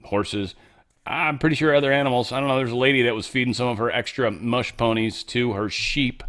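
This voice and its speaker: Male host, casual sarcastic commentary, lively pitch, loud-to-muttered swings. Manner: loose, joking, sarcastic, swings between loud bursts and low mutters. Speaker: show host.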